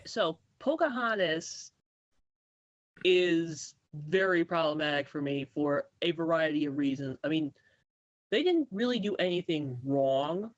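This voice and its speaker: Man, podcast guest, fairly high voice, muffled lo-fi line, earnest. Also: dry recording. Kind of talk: casual chat.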